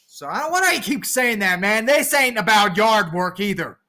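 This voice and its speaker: A man's voice: sits high, expressive, normal speed, pushed and bright. A man vlogging to his viewers, rambling goofily and freestyling rhymes off the top of his head. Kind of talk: rambling freestyle vlog chat.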